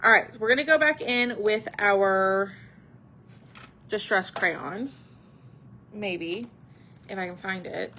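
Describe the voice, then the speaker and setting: A woman hosts a live crafting stream, talking casually to her viewers as she paints. Her voice is bright and sharp, and she speaks at an unhurried pace. She answers comments in a chatty, familiar way. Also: medium pitch, slight background noise.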